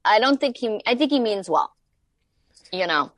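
A woman's voice: mid-range voice, lively intonation, moderate pace, no room sound. Rambling, chatty woman in a dry room. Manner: rambling storytelling with many fillers. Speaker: guest. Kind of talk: casual podcast chat.

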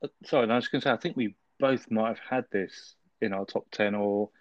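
A man's voice: fairly low pitch, a little fast, no room sound, lo-fi sound. A man chatting casually on a podcast, easygoing, laughing and swearing freely. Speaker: podcast co-host. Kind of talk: casual chat.

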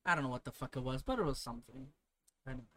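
A man's voice: mid-range voice, rapid-fire, a crowd in the background. A young man from Botswana co-hosting a podcast, telling stories in a casual, sweary way with lots of fillers. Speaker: podcast co-host. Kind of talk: casual chat.

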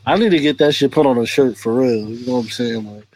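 A man's voice: medium pitch, fast talker, darkish tone, no room sound. A man hosting a podcast in casual chat, joking around and often adding "you feel me". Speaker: podcast host.

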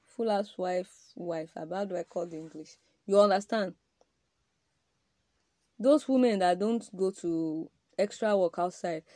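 A woman's voice: fairly low pitch, a little slow, dark tone, dry recording. A woman giving an emphatic, preaching-style podcast talk on marriage, addressing men directly with repeated rhetorical questions.

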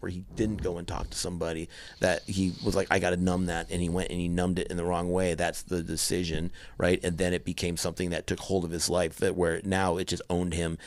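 Deep gravelly man telling a story haltingly. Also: little pitch movement, no room sound. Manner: halting and earnest, many restarts. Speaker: guest telling a personal story. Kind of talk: candid conversational storytelling.

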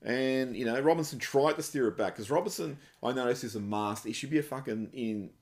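A man's voice: medium pitch, fairly quick. A man co-hosting a casual sports podcast, blunt and sweary as he rants. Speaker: podcast co-host.

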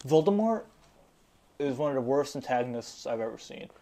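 Young man, casual chat, mellow dark tone, crude, swears a lot, animated. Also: mid-range voice, fairly quick. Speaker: podcast host.

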